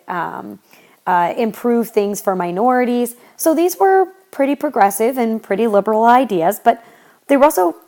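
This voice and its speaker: A young adult woman with a slightly high, somewhat dark voice gives a recorded history lecture. She explains things step by step in a casual way, often using fillers and restarting her sentences.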